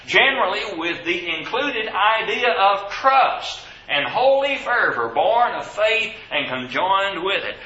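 A man's voice: sits high, sharp tone, roomy sound, highs cut off, a little hiss or hum. A man preaching a sermon to his congregation, asking rhetorical questions with emphasis.

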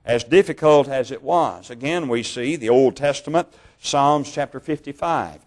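Guy preaching a sermon, slow and careful through the verses, trips on names and backs up, middle pitch. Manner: measured, slow over key words, stumbles on names and corrects himself. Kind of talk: sermon with scripture reading.

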